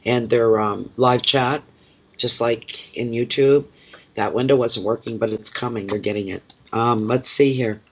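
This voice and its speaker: Guy doing a tarot reading, soft and reassuring, mid-pitched voice, kinda dull lo-fi audio. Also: steady tone, measured pace. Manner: gentle, reassuring, heartfelt. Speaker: tarot reader. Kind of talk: tarot card reading to camera.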